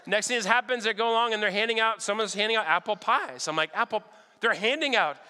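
High, bright-voiced man preaching with stories. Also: fast. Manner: animated, checks in with "all right?" often. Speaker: pastor. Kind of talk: storytelling sermon. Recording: long hall reverb.

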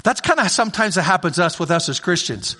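A man's voice: high-pitched, big pitch swings, fast talker, bright, forceful tone. A man preaching a sermon as pastor, in a conversational way that repeats phrases for emphasis. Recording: long reverb of a large hall.

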